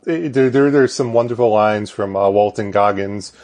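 A man's voice: lowish voice, moderate pace, darkish tone. A middle-aged man co-hosting a podcast, chatting casually in a rambling, joking way with some laughs. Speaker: podcast co-host. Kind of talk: casual chat.

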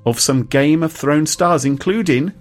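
A man co-hosting a podcast in casual chat, animated and chuckling as he reads quotes aloud. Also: fairly high pitch, measured pace, faint music behind.

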